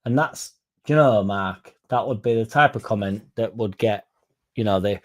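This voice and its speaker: A man's voice: lowish voice, normal speed. A man hosting a casual football fan livestream, reading chat comments and rambling with frequent swearing. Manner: swears freely, rambles, mocks critics in a raised put-on voice. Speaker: fan channel host reading live chat.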